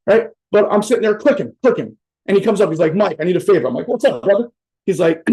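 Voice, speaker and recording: A man's voice: sits high, a little mellow, poor audio. A man giving a casual, profane motivational talk on a video call, joking and rambling, tossing in "right?" after almost every point. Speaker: motivational speaker. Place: on a virtual event via video call.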